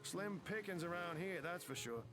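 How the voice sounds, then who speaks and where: An actor with a British accent voicing a stranded merchant sailor in a fantasy video game, grumbling and rueful. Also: male voice, high-pitched, animated, normal speed, over music.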